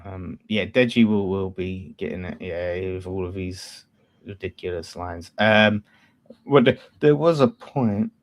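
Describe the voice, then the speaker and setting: Animated man hosting football chat. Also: sits low, a little slow. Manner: animated, swears, shifts loud and quiet. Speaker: fan channel host.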